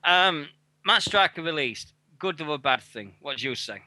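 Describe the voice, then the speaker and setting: Man, excitable radio co-host, casual swearing, bright voice, dry close sound. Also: a little high, moderate pace, dry recording. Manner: excitable, swears freely, laughs a lot. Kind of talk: casual internet radio chat.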